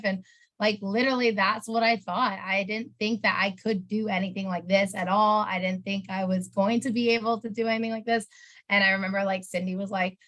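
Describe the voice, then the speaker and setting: A woman's voice: mid-range voice, fairly even intonation, moderate pace, a bit bright. A woman telling her own story in an interview, casual and rambling, emotional and full of "like". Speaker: interview guest, sales promoter.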